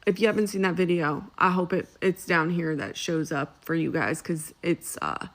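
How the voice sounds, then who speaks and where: Woman, casual reaction commentator, animated and sassy storytelling. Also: lowish voice, moderate pace. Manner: animated, acts out both sides with sassy asides. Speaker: social media commentator. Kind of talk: casual reaction video chat.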